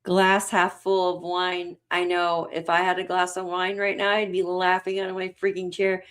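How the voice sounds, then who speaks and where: A woman's voice: lowish voice, moderate pace, clean tone. A woman hosting a livestream in casual chat, reading out comments and laughing often. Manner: laughs often, giggly and excitable. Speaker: livestream host.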